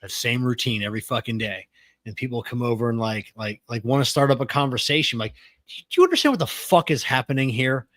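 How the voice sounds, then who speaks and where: A middle-aged man co-hosting a podcast, talking casually and gruffly with plenty of swearing, close to the mic. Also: mid-range voice, expressive, fast, a bit bright, dry recording. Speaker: podcast co-host. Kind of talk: casual chat.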